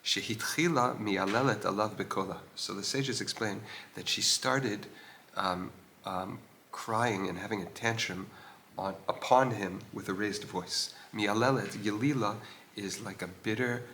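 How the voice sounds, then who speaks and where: A man's voice: fairly low pitch, vocal fry, pushed and bright, slight background noise. A man teaching a religious text. He reads short passages aloud, translates them, and keeps asking questions of the text. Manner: explanatory, pauses with fillers, asks questions aloud. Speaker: Torah teacher. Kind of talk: text study, reading Hebrew lines and translating them. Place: old stone synagogue.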